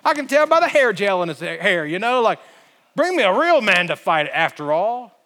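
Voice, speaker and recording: A man's voice: sits high, big pitch swings, moderate pace, fairly bright tone, in a large hall. A man voicing a mocking, boastful male giant warrior who taunts his opponent in a sneering way.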